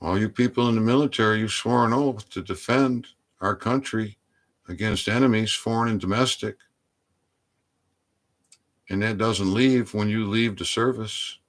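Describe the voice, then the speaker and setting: A man delivering a preachy political rant, exhorting his listeners and often rising into loud, emphatic outbursts. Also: on the low side, moderate pace. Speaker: online commentator.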